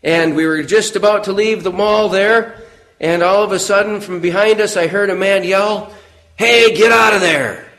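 A middle-aged American preacher delivers his sermon in an earnest, storytelling way. His voice sits fairly high, and on the solemn words it sinks low and goes quiet. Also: fairly even intonation, moderate pace, poor audio.

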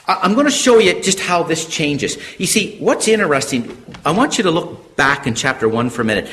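A man teaching a sermon through Bible passages. He reads scripture slowly and deliberately, and his emphatic delivery builds to fervent, higher-pitched stresses. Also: a bit bright. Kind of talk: expository sermon.

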